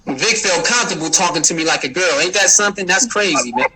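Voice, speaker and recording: A man's voice: high voice, expressive, fast talker, noisy background. A man hosting a livestream, chatting casually with viewers, teasing them and laughing often. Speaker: livestream host. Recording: music playing behind.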